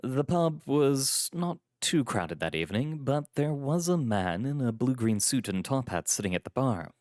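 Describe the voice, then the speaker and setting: A man reading a first-person story aloud in a calm, measured storytelling manner. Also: mid-range voice, no room sound, studio quality. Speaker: story reader.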